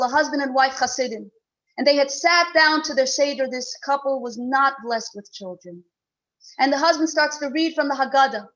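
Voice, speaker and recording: Woman telling an inspiring story to a women's group, high voice, earnest, dull lo-fi sound. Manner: earnest, rising and falling in loudness. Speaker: speaker at a women's gathering. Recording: dull lo-fi recording.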